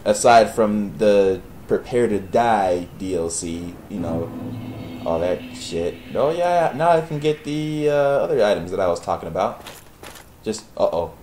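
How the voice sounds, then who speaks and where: A man's voice: lowish voice, lively intonation, a little slow, background noise. A young man giving profane, sarcastic commentary while playing a video game and talking to its characters. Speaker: gaming commentator. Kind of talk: Let's Play commentary.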